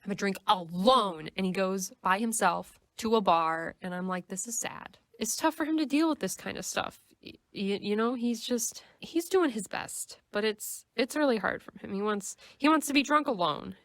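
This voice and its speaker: Podcast co-host, woman, animated fan chat with acted-out quotes, close dry recording. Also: mid-range voice, moderate pace, dry recording. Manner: animated, acts out quoted characters.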